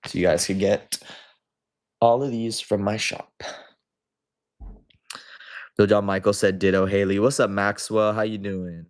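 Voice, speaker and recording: A man's voice: lowish voice, steady tone, measured pace, pauses often. A young man hosting a livestream, casually reading viewer comments aloud and chatting back to them. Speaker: livestream host.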